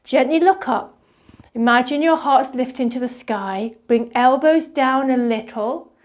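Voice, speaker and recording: A woman leading a qigong movement class, giving soft, slow guiding instructions. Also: high-pitched.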